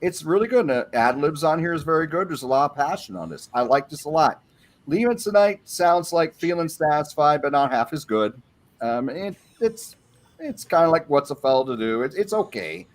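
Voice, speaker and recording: A man's voice: on the high side, lively intonation, normal speed. A man on a panel, going through an album track by track and giving his opinions in a casual way.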